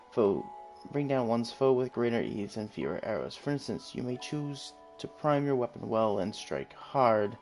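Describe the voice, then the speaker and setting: A man voicing a calm, wise male elf guildmaster archer with a put-on British accent, reading game dialogue in a measured, formal way over faint game music. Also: mid-range voice, lightly acted.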